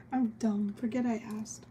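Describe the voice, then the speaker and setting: Streaming as she draws, a young woman rambles and giggles her way through casual conversation. She has a fairly high voice with a dark tone, and a little hiss or hum can be heard.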